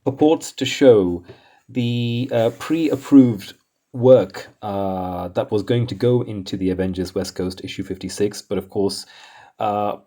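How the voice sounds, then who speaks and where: A man's voice: lowish voice, a little slow, dark tone. A man hosting comics commentary in a casual, rambling way, exasperated and chuckling often.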